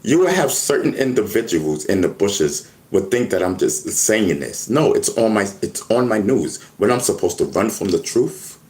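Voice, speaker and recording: A man's voice: fairly low pitch, very animated, normal speed, hardly any pauses, darkish tone, poor audio. A man hosting hip hop news on a live stream, rambling, stumbling over repeated words and talking straight to his chat. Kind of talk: casual live-stream commentary.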